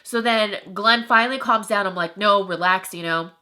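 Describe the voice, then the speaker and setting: Young woman vlogger, bright tone, emotional storytime, lots of "like" and "you know". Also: medium pitch, normal speed. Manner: animated and emotional, many fillers like "you know".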